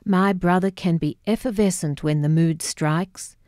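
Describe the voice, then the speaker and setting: A woman narrating her own memoir as an audiobook, measured and wry. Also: lowish voice, a little mellow, no room sound, studio quality.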